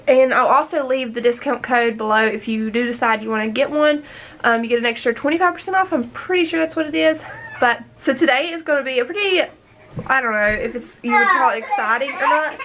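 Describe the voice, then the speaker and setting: A woman's voice: high voice, brisk, a bit bright, a little hiss or hum. A young woman in her twenties chatting casually in a home vlog, upbeat and rambling. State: out of breath. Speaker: vlogger.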